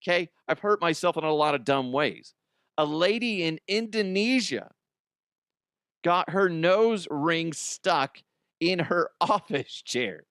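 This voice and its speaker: A man's voice: on the high side, animated, takes it slowly, a bit bright, smooth, no room sound, clean studio sound. A middle-aged man hosting a comedic news show, rambling, laughing often and making crude jokes. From Colorado, US. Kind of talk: casual comedic news commentary. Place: studio.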